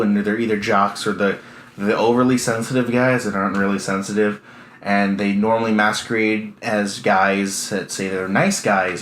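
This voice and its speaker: A man in his early twenties with a deadpan, self-deprecating way of rambling through a casual comedic monologue. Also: lowish voice. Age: early 20s. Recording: echoey room with faint hiss.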